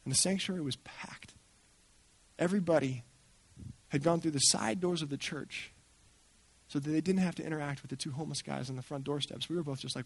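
A man speaking at a church gathering, telling a story in an animated way and acting out the people he quotes. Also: a little high, brisk, slightly rough, no room sound. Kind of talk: storytelling talk.

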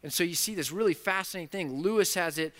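Animated male pastor in a reverberant hall. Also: sits high, fast. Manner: animated, acts out voices of the story characters. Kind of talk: sermon. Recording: long reverb of a large hall.

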